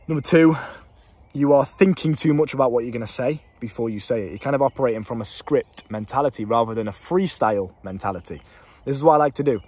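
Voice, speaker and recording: Fast-talking husky British young man. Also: mid-range voice. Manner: swears freely, rambling and animated. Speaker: life coach. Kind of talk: casual talk to camera. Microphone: handheld camera.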